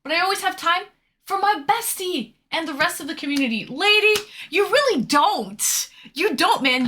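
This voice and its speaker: A woman streamer with a bright, sharp-edged voice pitched a little high chats casually with her viewers. She reads their messages aloud, teasing them and tossing in the odd swear word. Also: a little hiss or hum. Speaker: live streamer.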